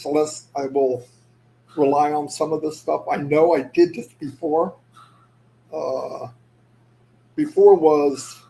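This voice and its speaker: A man's voice: fairly high pitch, dark tone, rough recording. Rambling man on a casual livestream. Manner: rambling, loses his thread; says "anyway" often to move on. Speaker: livestream host.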